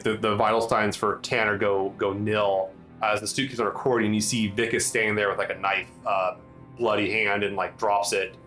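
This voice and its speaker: Halting man narrating as game master. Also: fairly low pitch, a bit bright, low-quality recording. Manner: halting, full of ums and restarts.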